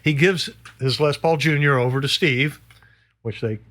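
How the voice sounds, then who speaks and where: A middle-aged man, a guest musician, telling a story in a casual, animated way, swearing and peppering it with "you know". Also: fairly high pitch, moderate pace.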